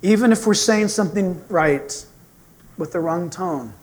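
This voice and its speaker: A male pastor preaching a sermon in a church sanctuary, telling stories in an animated, humorous way. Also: high voice, unhurried.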